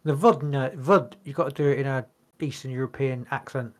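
A man's voice: mid-range voice, fairly quick. A man co-hosting a podcast, reading notes aloud in casual chat, stumbling over words and swearing casually. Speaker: podcast co-host.

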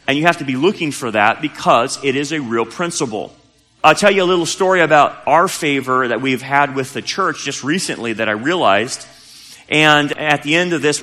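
A man's voice: medium pitch, sharp tone. A man preaching a sermon as pastor, telling a story in a casual, conversational way with emphatic rises. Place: church sanctuary. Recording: church hall with long reverb.

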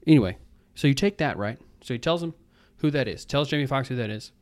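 A man co-hosting a casual movie podcast, animated and acting out quotes as he talks. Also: medium pitch, fast talker, dry recording. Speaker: podcast co-host. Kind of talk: casual chat.

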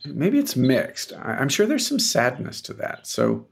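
A man's voice: mid-range voice, huge pitch swings, measured pace, creaky, breathy edge. A man co-hosting a podcast in casual chat, with a dry, teasing, sarcastic manner. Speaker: podcast co-host.

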